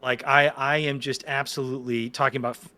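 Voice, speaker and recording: A man in his forties, appearing as a podcast guest, tells stories in casual chat. His medium-pitched voice moves briskly, and he rambles excitedly, restarting often.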